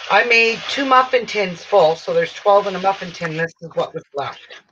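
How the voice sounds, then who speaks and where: A woman hosts a relaxed live-stream chat from indoors at home. She rambles, restarts her sentences and trails off mid-thought, at a middle pitch. The audio is dull and lo-fi, with faint background hiss. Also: normal speed. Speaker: quilting channel host.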